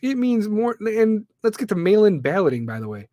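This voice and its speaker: Casting: male podcast host, fairly high voice, blunt and profane, dry close sound. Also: very animated, normal speed, mellow, no echo. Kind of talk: ranting monologue.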